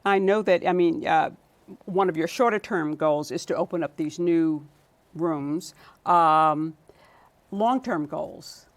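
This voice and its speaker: A woman's voice: low voice, slow pace. A woman hosting a TV interview show in a studio, asking questions and reading a composed, scripted sign-off. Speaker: TV interview host.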